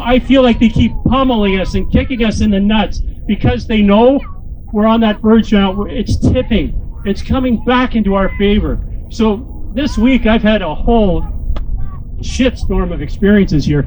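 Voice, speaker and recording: A man's voice: sits high, a little mellow, slight background noise, poor audio. A man, a motivational speaker and corporate trainer, giving a joking, crude, rousing speech to a crowd into a handheld microphone.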